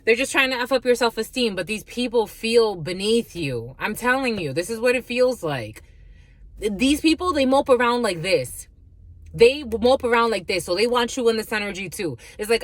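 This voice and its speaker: A woman's voice: on the high side, expressive, moderate pace, no room sound. A woman giving a casual spiritual reading, blunt and profane, laughing often and calling listeners her lovies. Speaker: spiritual reader.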